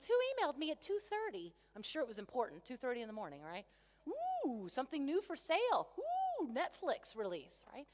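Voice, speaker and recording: A woman coach giving an energetic keynote to a conference crowd, asking rhetorical questions on a stage microphone. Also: high-pitched. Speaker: motivational coach. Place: large convention centre hall. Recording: long reverb of a big hall.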